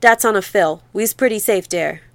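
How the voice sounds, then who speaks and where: A woman's voice: medium pitch, normal speed, creaky, a bit bright, no echo. A woman voicing an urgent young man fleeing a flood, speaking in a drawling rural Southern accent into a close studio mic. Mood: urging. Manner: drawling rural dialect, pressing and insistent.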